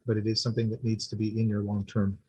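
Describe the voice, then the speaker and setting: A man making a public comment at a community board meeting, earnest and halting, with many restarts. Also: on the low side, flat delivery, a little mellow, a little hiss or hum, rough recording.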